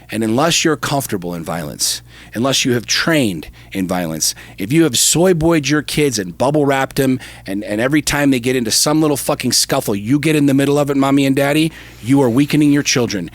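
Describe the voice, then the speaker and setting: A man co-hosting a podcast who rants forcefully and profanely, repeating lines for emphasis and swinging between loud outbursts and low, intense stretches. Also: no echo. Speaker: podcast co-host. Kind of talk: heated podcast rant.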